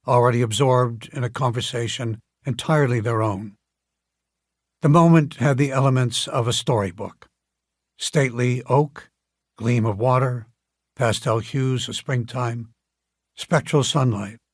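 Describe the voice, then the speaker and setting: In clean studio audio with no audible room, a medium-pitched man narrates an audiobook from a script. His storytelling is calm and measured.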